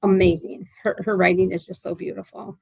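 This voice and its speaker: A woman's voice: on the low side, flat delivery, a little fast, vocal fry, breathy edge, dry recording, low-quality recording. Chatty woman in her sixties, dry sound. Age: 60s. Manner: chatty and rambling, with many fillers and restarts. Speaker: author being interviewed. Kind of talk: casual interview chat.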